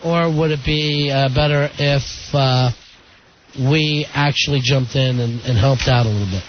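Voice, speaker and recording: A man's voice: mid-range voice, a little slow. A man hosting a radio talk show, chatting casually and telling stories. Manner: chatty, storytelling. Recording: dull lo-fi radio broadcast with faint noise.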